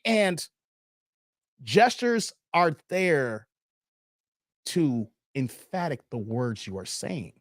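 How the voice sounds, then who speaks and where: A man's voice: a little high, very animated, very slow, long pauses, dry recording, studio quality. A man in his forties hosting a live stream, reacting to clips and talking straight to his chat viewers. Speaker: livestream host.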